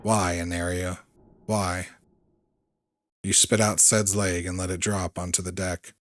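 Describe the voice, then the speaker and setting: A man hosting a game playthrough, reading the story text aloud in an earnest way, sometimes stumbling over a word and adding a quick aside. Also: sits low, little pitch movement, no room sound, studio quality. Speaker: let's play host.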